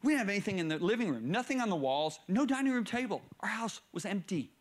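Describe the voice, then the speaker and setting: High-voiced animated male preacher. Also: fast talker. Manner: animated, swings from low murmurs to raised excited bursts. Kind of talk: storytelling sermon.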